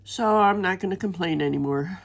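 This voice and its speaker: An older woman chatting casually over her diamond painting, her voice gravelly and rough with the fry of a sore throat. She rambles along in a homey, easygoing way, sick but talkative. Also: lowish voice, a little fast. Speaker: crafting vlogger.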